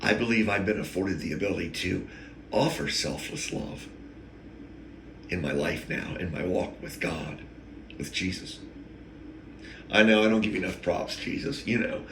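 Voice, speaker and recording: Bright-voiced man rambling in an echoey room. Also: low voice, moderate pace, long pauses, a little hiss or hum. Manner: digressive, emotional, self-interrupting. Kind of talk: rambling spiritual monologue.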